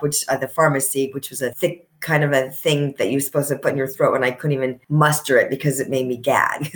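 A middle-aged woman with a low voice speaks as a podcast guest. She talks in a heartfelt, reflective way and slows down to stress her points. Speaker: guest, coach and author. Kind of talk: emotional podcast interview.

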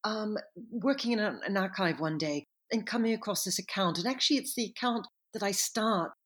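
A woman historian and author answering interview questions in a reflective, measured way, sometimes stopping to correct herself. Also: mid-range voice, a bit bright.

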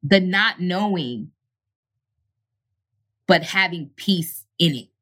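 A woman in her thirties shares her life story as an interview guest. Her voice is bright and ringing, and her delivery is candid and heartfelt, with casual asides to the listener as she goes. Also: lowish voice, animated, slow. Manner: earnest, heartfelt, peppered with "you know what I'm saying". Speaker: actress and singer, guest.

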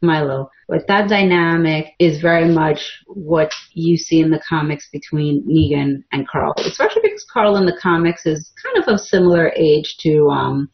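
A woman with a notably low voice chats casually, leaning on fillers as she talks. The recording is slightly dull. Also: normal speed, few pauses. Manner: chatty, filler-heavy, says "like" a lot. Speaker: podcast co-host. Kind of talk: casual chat.

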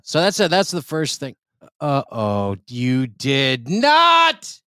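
A man co-hosting a comedy podcast in casual chat, animated and laughing, reading stories aloud with put-on voices. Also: mid-range voice, takes it slowly, clear, resonant tone, no echo, clean studio sound. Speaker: podcast co-host.

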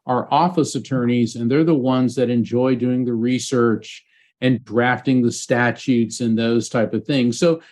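A man's voice: medium pitch, steady tone, unhurried, darkish tone. A man, a psychic medium being interviewed as a guest, telling a personal story in an earnest, heartfelt way.

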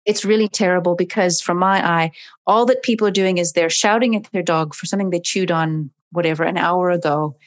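A woman's voice: on the low side, steady tone, brisk. A woman, a dog behavior expert, explaining in an interview and acting out dogs and owners in voices.

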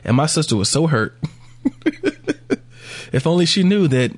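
A man's voice: fairly high pitch, animated, normal speed, pauses often. A man co-hosting a podcast, chatting casually, rambling and laughing often. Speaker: podcast co-host. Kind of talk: casual chat.

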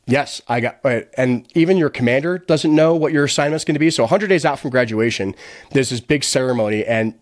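A man's voice: medium pitch, fairly quick, no room sound, studio quality. A man from the United States, a podcast guest, telling his story bluntly with swearing and quoting the people involved. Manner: retells events by quoting others. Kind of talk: casual storytelling interview.

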